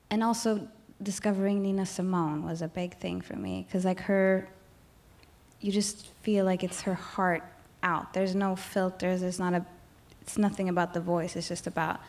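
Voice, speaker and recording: A woman from Sweden in her thirties speaks at an everyday pitch, talking loosely and candidly as an interview guest on stage. Her sentences ramble and restart, filled with "like", and she laughs often. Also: darkish tone. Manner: candid, rambling, heavy use of "like", frequent laughs. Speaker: guest singer. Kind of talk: onstage interview, candid casual talk. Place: stage in front of a live audience.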